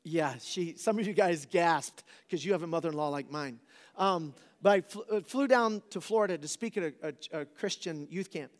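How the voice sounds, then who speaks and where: A man's voice: on the high side, normal speed, big-room sound. A man in his forties, a preacher telling a funny personal story to a live audience, casual and joking, often asking the crowd questions.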